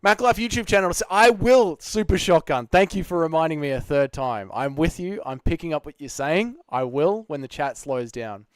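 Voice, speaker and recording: A man's voice: fairly high pitch, lively intonation, normal speed, hardly any pauses, clear, resonant tone, no room sound, clean studio sound. An Australian man hosting a live stream, answering chat in a blunt, sarcastic, swearing way.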